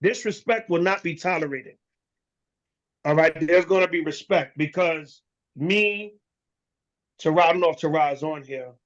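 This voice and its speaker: A man with a notably high voice delivers a preaching lesson as an elder. He talks bluntly, drops curses and street slang, and the recording sounds dull and muffled. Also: moderate pace, long pauses. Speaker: elder teaching a congregation.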